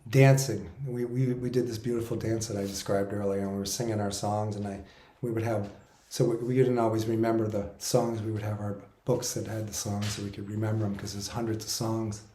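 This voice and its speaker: Mellow-voiced man in his sixties, echoey room. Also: lowish voice, little pitch movement, a little fast. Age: 60s. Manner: earnest, reflective, wandering with self-corrections. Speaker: spiritual musician recounting his experiences. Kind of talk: personal storytelling monologue.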